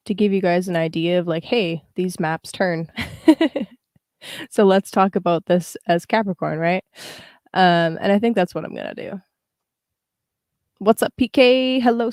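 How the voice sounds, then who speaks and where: A woman's voice: fairly low pitch, darkish tone, no echo, studio quality. A young woman hosting a casual astrology livestream, chatting with viewers and explaining a chart with plenty of fillers. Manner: chatty, greets live viewers, frequent fillers. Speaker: astrologer and tarot livestream host.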